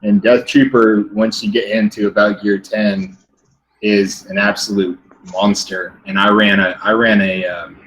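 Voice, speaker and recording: A man's voice: fairly low pitch, little pitch movement, measured pace, fairly bright tone, poor audio. A man on a gaming panel, explaining strategy and often restarting his phrases. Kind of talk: gameplay advice on a panel.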